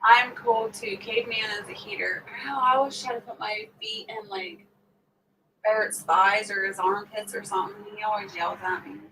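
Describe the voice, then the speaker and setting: This livestream host is a middle-aged woman whose medium-pitched voice moves at a normal speed, with vocal fry and a sharp edge. She chats and laughs with viewers, performing other people's words as she quotes them. The recording catches her slightly off-mic over faint background noise.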